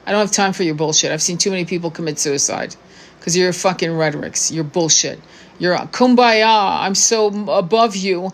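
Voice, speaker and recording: A woman in her sixties speaks her mind to her followers as a spiritual coach. She is blunt and profane, impassioned, often tripping and restarting mid-phrase. Her voice sits at an ordinary middle pitch. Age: 60s. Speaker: tarot reader and spiritual coach. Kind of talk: unscripted monologue to camera.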